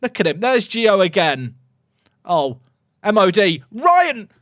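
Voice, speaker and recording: A young man streaming a football management game, talking to his chat in an excitable, jokey way that swings from loud cheering to muttered asides. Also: high voice, moderate pace, no echo, studio quality. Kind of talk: live gameplay commentary to chat.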